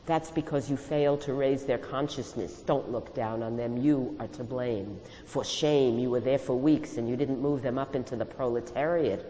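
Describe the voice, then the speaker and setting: A woman voicing a fervent, tearful old male communist mentor who lectures and shouts in a storybook reading. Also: extremely low pitch, normal speed, few pauses, big-room sound, low-quality recording. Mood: scolding. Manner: shouting, preachy, sweeping speech.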